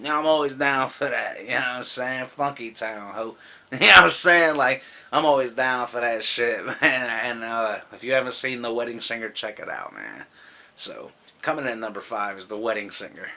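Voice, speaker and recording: A man with a bright, forward voice talks through a movie countdown after a few drinks, his words loose and slurring a little. He rambles, swears freely and breaks into laughter as he goes. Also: medium pitch, normal speed. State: drunk. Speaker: movie vlogger.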